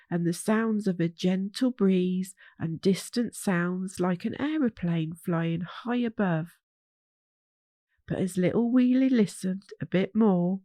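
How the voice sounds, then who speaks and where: A woman reading a children's bedtime story aloud, slow and soothing. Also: lowish voice, mellow, no room sound, studio quality.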